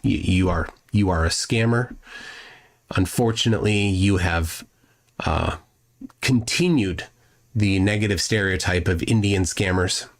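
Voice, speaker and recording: A man's voice: sits low, unhurried. A man speaking bluntly and accusingly as a guest on a live stream. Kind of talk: casual chat.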